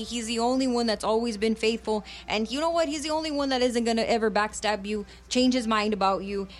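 Fervent woman preacher, high voice. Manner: fervent, switches between English and Spanish. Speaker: radio preacher. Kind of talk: bilingual sermon.

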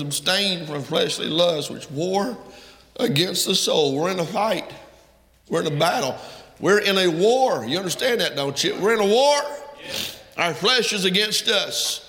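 Gravelly preacher in an echoey hall. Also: male voice, high-pitched. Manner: fervent, rising to loud emphatic peaks. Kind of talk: sermon. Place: church sanctuary.

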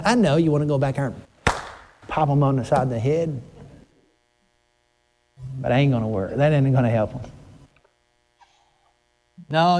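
An older male pastor preaches a sermon with emotion and earnestness, his warm voice carrying vocal fry. He often breaks off and restarts his sentences, and his pitch climbs when he gets stirred.

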